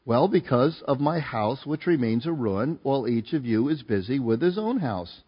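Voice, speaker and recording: A man's voice: medium pitch, expressive, normal speed, husky, dull audio. Conversational man preaching a sermon. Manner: conversational, asks the congregation to join in. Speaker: pastor. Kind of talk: sermon, reading and explaining scripture.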